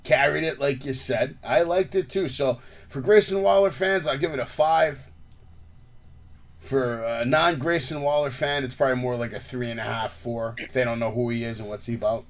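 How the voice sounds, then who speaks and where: A man hosting a casual wrestling podcast, recapping a show with lively, shifting delivery and handing off to his co-host. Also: mid-range voice, moderate pace. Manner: animated, recaps show events and asks co-host for grades.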